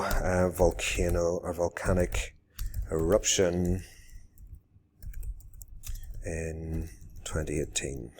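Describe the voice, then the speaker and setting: Deep-voiced male teacher. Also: slow pace, pauses often, slight background noise. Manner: explains to viewers, then calls out warmly to pupils. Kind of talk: live classroom demonstration.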